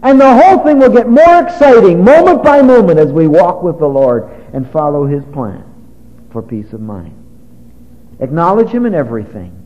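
A man preaching a sermon to a church congregation, with animated delivery that rises to emphatic peaks. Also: high voice, moderate pace, muffled recording. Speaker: pastor. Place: church service.

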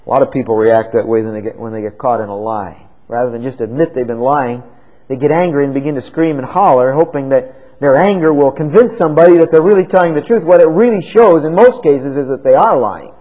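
A man preaching an expository sermon, dramatic, swinging from loud emphasis to hushed tones. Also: a little high, poor audio.

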